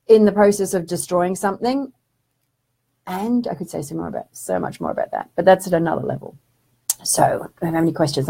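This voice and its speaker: Speaking at a medium pitch with a dark tone, a woman who teaches spiritual development runs a relaxed live stream. She reads out comments from viewers, chatting warmly and addressing them as darling.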